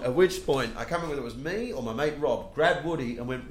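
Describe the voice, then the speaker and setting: An Australian man, a comedian, telling a story in casual podcast chat, swearing freely and getting animated. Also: mid-range voice, quick pace, reverberant. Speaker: comedian guest.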